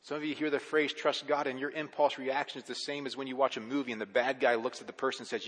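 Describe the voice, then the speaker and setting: A man's voice: medium pitch, level tone, fast, hardly any pauses, fairly bright tone, long reverb tail. A man preaching a sermon as a pastor, talking conversationally with rhetorical questions and restarting words when he gets going.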